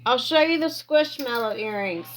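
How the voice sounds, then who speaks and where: A woman's voice: on the high side, animated, normal speed, faint music behind, rough recording. A woman chatting casually on a livestream, rambling through a personal story and asking viewers for gifts. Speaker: TikTok live streamer.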